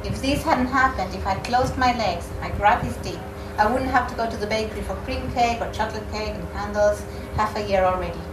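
A woman reading a novel excerpt aloud at a literary event, in a measured, expressive way. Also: mid-range voice. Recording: echoey room, mic far off, background noise.

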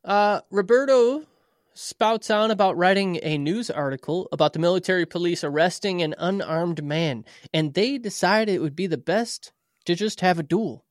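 A man's voice: sits high, normal speed, dry recording, studio quality. A man co-hosting a podcast, summarizing episodes in a loose, casual way with plenty of swearing. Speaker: podcast co-host recapping episodes.

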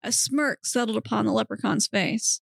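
Woman host, narrator; higher voice with vocal fry, dry close mic. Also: normal speed, no room sound. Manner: straight-faced narration, breaks into giggles. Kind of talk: comedic reading of erotic fiction.

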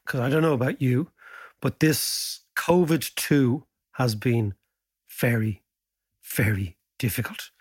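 A man's voice: medium pitch, slow pace, breathy edge. A man hosting a podcast, chatting casually and animatedly with a co-host, joking and telling stories. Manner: lively, jokey, animated storytelling.

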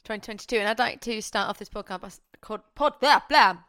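A woman's voice: mid-range voice, brisk, fairly bright tone, smooth, no room sound, clean studio sound. A woman, a player on a tabletop podcast, chatting in a giggly way. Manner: giggly, eating while talking. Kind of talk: casual chat.

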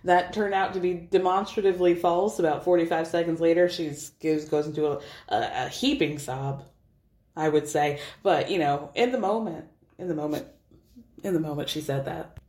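A woman's voice: sits low, steady tone, moderate pace, a little mellow. A woman hosting a podcast, recapping a reality show in a chatty, sarcastic way and swearing freely. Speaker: podcast host. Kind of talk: casual recap commentary. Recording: roomy echo.

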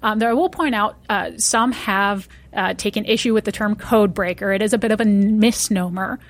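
A woman's voice: mid-range voice, moderate pace, dry recording. A woman co-hosting a casual podcast, running a trivia quiz with playful, teasing remarks.

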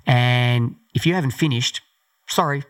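A man's voice: medium pitch, a little slow. Casting note: middle-aged Australian man, mid-range voice, rambling and filler-heavy, podcast guest recounting a race. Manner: loose, rambling storytelling with many fillers. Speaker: guest, former Olympic marathon runner. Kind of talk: podcast interview storytelling.

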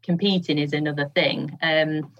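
Giggly husky woman, lo-fi sound. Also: sits low, steady tone, moderate pace. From England. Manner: giggly, hesitant with fillers. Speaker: podcast guest. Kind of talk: casual chat.

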